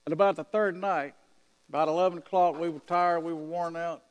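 High-voiced man preaching in an echoing hall. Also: a little fast, clean tone. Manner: animated anecdotal telling with quoted dialogue. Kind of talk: sermon storytelling. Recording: long hall reverb.

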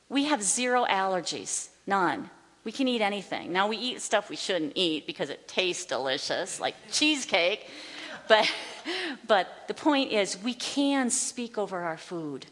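A woman Bible teacher teaching from a stage, emphatic, slowing down to declare scripture. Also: on the low side, a bit bright. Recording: long hall reverb.

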